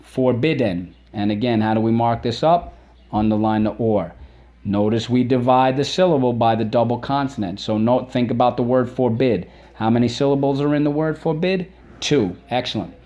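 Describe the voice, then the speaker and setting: Male teacher for a kids' spelling class. Warm, mellow tone, encouraging, repeats words slowly. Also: mid-range voice. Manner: drills words aloud, repeats them slowly and emphatically; encouraging, asks questions and praises. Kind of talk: spelling lesson for children.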